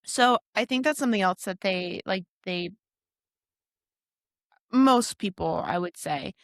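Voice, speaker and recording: Frank woman in her thirties, gravelly. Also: mid-range voice, lively intonation, unhurried, no echo. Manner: frank, teasing, reflective. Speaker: podcast co-host. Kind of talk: casual chat.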